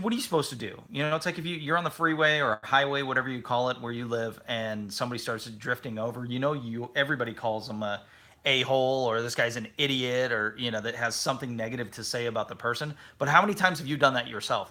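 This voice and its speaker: A man in his thirties, co-hosting a casual family travel chat and telling stories with lively acted-out quotes. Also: mid-range voice, quick pace. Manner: animated storytelling, acts out quotes. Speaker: podcast co-host.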